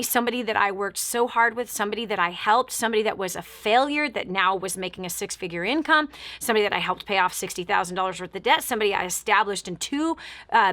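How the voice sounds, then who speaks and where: A woman's voice: medium pitch, bright, forceful tone, no room sound. A middle-aged woman hosting a talk show, telling a personal story in an emphatic, candid way with repeated build-ups.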